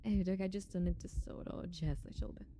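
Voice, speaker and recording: A woman's voice: fairly low pitch, fairly even intonation, fairly quick, mellow, slight background noise. A young woman live-streaming, chatting casually with her viewers, greeting them and giggling often.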